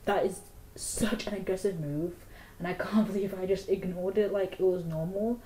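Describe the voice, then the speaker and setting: A woman's voice: mid-range voice, fairly even intonation, moderate pace, warm tone. A young woman in casual book review chat, rambling with lots of "like" fillers. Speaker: book vlogger. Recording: echoey room.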